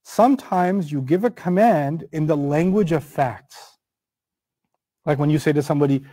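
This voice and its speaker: A middle-aged man teaching a scripture lesson in a conversational, animated way, acting out everyday examples. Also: on the high side, moderate pace, no room sound. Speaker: Quran teacher. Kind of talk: explanatory lecture on scripture.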